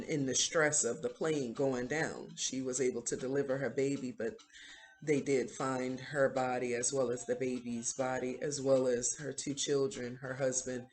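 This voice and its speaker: A woman's voice: rumbling low, darkish tone. A woman hosting a video who retells a series in a casual, rambling way, with many fillers. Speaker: video host. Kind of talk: casual show recap.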